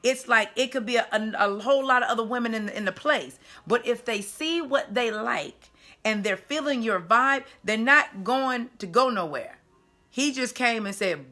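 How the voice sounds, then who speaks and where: A woman's voice: a little high, a little slow, sharp tone. A woman dating coach giving casual video commentary in an emphatic, chatty way with punchy asides.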